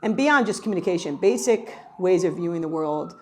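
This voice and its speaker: Middle-aged new york woman chatting about her research, lively, lots of restarts. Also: fairly low pitch, brisk, a little hiss or hum. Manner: animated storytelling with frequent restarts. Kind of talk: conversational interview answer.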